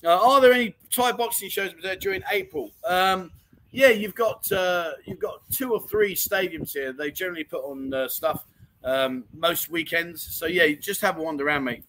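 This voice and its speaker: A man's voice: high-pitched, moderate pace, fairly bright tone, low-quality recording. A man hosting a casual livestream chat show, reading out viewer comments and rambling with easy laughter. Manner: chatty, rambling, laughs easily.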